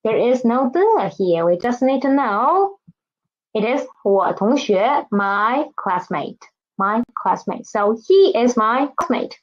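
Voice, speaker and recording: Slow, high-voiced woman teaching language. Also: very animated. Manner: repeats words for learners to echo. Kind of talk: slow, patient language lesson. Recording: slightly dull, lo-fi audio.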